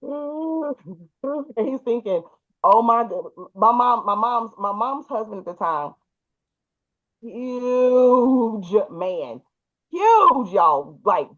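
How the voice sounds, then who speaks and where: A woman hosting a podcast, telling a personal story in a lively way, laughing often and acting out the people in it. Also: a little high. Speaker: podcast host. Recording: muffled, dull audio.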